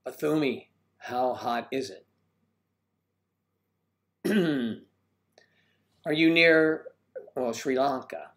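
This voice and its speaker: Brief: older male host, mid-pitched, jokey and rambling, reads chat, clears his throat. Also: slow, pauses often, fairly bright tone. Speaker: host of a livestream. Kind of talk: casual live chat reading viewer comments.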